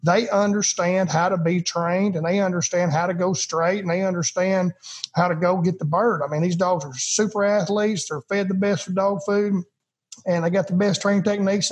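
Husky, high-pitched man talking dogs. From United States. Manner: emphatic, folksy, repeats words. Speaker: retriever trainer, podcast guest. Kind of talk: casual interview talk.

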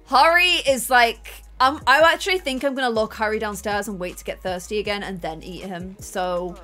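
A woman's voice: mid-range voice, normal speed, pushed and bright, soft background music. A woman playing a life-sim game and commenting, theatrical, playfully menacing and giggly. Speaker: gaming YouTuber. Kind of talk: playful let's-play commentary.

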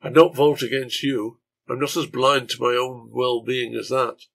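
A man's voice: medium pitch, steady tone, normal speed, vocal fry, a bit bright. A man voicing a strong, burly drinker who talks bluntly and firmly.

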